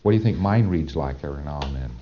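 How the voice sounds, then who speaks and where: Low-voiced man lecturing on old tape. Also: lively intonation, fast talker, dull audio, slight background noise. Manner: conversational, emphatic, asks listeners "see?". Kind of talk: recorded training lecture.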